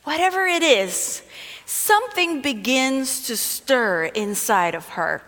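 High-voiced woman teaching from scripture. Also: sing-song, takes it slowly, fairly bright tone. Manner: reads scripture then explains it conversationally. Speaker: Bible teacher. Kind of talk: sermon with scripture reading. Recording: long hall reverb.

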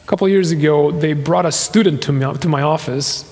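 A man's voice: a little high, brisk, darkish tone. A man in his fifties preaching a sermon in a church hall, telling a personal story with laughs and quoted voices. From Nicaragua and the US. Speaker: pastor.

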